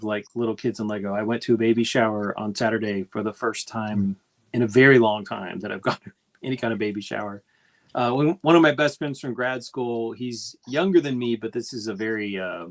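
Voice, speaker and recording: Teasing man telling stories. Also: fairly low pitch. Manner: dry, teasing storyteller. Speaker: podcast co-host. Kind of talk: casual chat.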